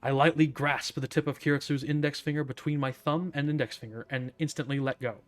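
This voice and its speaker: A man's voice: on the high side, fairly even intonation, fairly quick. Man narrating a visual novel. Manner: theatrical, smug first-person narration. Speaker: streamer reading a visual novel. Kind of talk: dramatic visual novel read-aloud.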